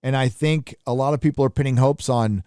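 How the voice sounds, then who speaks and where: A male livestream host reading out viewer donations and messages, adding quick casual asides. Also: medium pitch, mellow, smooth, no room sound, studio quality. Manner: reads donor messages aloud with quick asides.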